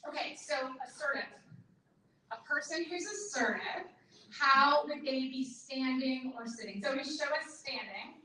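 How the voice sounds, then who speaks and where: A woman giving a live workshop talk to an audience, animated and acting out other people's lines in a higher voice. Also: a little hiss or hum. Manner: animated, acts out her mother's lines in a higher voice. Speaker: workshop presenter. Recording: echoey room, far from the mic.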